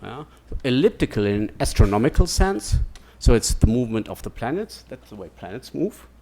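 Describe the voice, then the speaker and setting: Lecture, man, rambling and digressive, asks "yeah?" and "no?" a lot, mid pitch. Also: sing-song, a little fast, mellow. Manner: digressive, keeps asking "yeah?" and "no?". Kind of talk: academic lecture.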